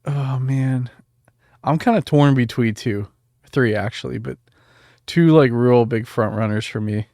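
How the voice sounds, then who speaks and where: A man's voice: medium pitch, fairly even intonation, unhurried, darkish tone, dry recording, clean studio sound. A man co-hosting a podcast, chatting about a horror film in a laid-back way, saying "like" a lot. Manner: laid-back, laughs along, says like a lot. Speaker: podcast co-host. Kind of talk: casual movie chat.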